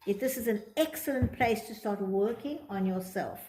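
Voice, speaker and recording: A woman's voice: medium pitch, normal speed, warm tone. A woman teaching a Torah psychology class, reading from a text and explaining it, acting out quoted thoughts in different tones. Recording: echoey room.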